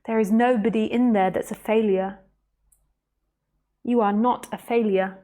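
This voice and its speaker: A woman giving a live-streamed spiritual talk. She speaks slowly, softly and reflectively, addresses the listener directly and reads out viewer comments as she goes. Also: fairly high pitch, steady tone. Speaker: spiritual teacher.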